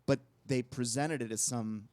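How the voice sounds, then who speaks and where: A man's voice: medium pitch, steady tone, measured pace, darkish tone, no echo. A man co-hosting a talk show, telling long rambling anecdotes in casual conversation. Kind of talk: casual storytelling chat.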